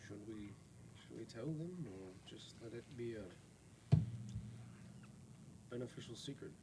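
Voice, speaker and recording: A man talking through a tabletop game with his group, weighing each point aloud at a very slow, measured pace. His voice sits at an ordinary pitch. A noisy home microphone adds a steady hiss beneath him. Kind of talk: in-character party discussion. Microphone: quiet home mic.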